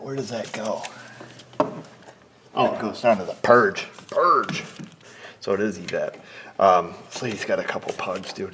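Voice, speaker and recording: With a lowish voice edged by vocal fry, this mechanic talks himself through a repair in the shop bay, full of rambling and jokes, occasionally whispering close to the mic over background noise.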